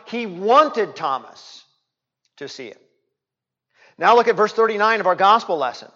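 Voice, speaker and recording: A male pastor preaching a sermon in a church, emphatic, repeating key words and swinging from loud to hushed. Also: sits high, moderate pace. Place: church sanctuary. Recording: reverberant, dull lo-fi church recording.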